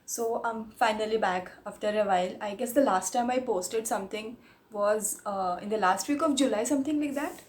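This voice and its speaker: On her vlog, a YouTuber who speaks Marathi reads tongue twisters aloud at a normal speed in a somewhat high voice. She chats casually and giggles a lot, moving between English and Hindi.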